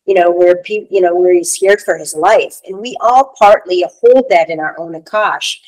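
A woman's voice: fairly low pitch, normal speed, darkish tone, poor audio. A woman co-hosting a casual spiritual talk show, talking in a reflective way with many "you know" fillers. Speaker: podcast co-host.

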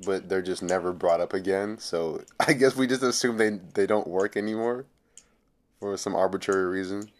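A young man chatting casually on a podcast, skeptical and deadpan, often trailing off quietly. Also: low voice, moderate pace. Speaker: podcast co-host.

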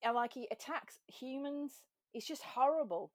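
A woman chatting as a podcast guest, self-mocking and quick to laugh. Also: sits high, a little mellow, no room sound, studio quality. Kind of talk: casual chat.

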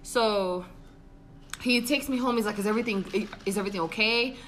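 A woman's voice: mid-range voice, moderate pace, a little hiss or hum. A woman in her twenties on a podcast, telling a dating story casually, acting out quotes with lots of swearing and laughter. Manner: animated, swearing, acts out quotes, laughs often. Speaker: podcast co-host.

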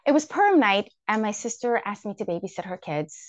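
A woman telling a personal story to a live audience, lively and acting out her own inner thoughts. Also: mid-range voice, a little fast, dry recording. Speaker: guest speaker.

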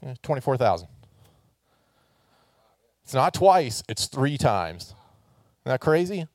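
A man's voice: mid-range voice, very animated, slow pace, darkish tone, no room sound, studio quality. A man preaching a sermon to a congregation, casual and joking, asking the listeners to answer and raise hands. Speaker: pastor.

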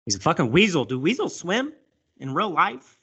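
A man casually recapping a movie, animated and profane, acting out lines as he goes. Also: on the high side, moderate pace, husky. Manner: animated, swears a lot, acts out lines. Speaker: podcast host recapping a movie. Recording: dull lo-fi sound.

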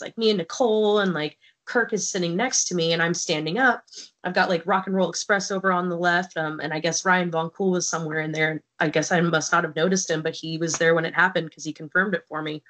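Woman podcast guest, low-ish voice, blunt and profane storyteller. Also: fairly bright tone. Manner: candid, swears freely, acts out quoted people.

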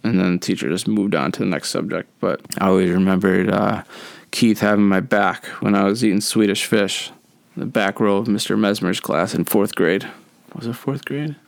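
A young man with a fairly low, clear, smooth voice tells childhood stories on a solo podcast. He talks in a loose, relaxed way, full of "uh"s and restarts. The sound is dry and close to the mic. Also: no echo. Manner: relaxed, rambling, with many fillers and self-corrections. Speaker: podcast host. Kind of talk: casual solo storytelling.

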